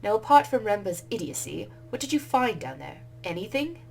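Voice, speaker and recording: A woman's voice: mid-range voice, very animated, a little fast, vocal fry, a little hiss or hum, low-quality recording. Woman reading a stern, impatient woman professor. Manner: sharp, impatient, demanding.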